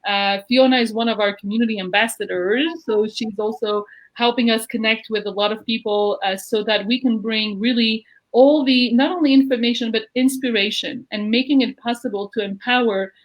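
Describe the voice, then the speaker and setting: Gushy woman host on a zoom call, kinda high voice, dull lo-fi audio. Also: fairly even intonation, moderate pace, few pauses. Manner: effusive, gushing. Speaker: host of an online interview show. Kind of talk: live video-call interview. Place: at home in Jerusalem. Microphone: video call.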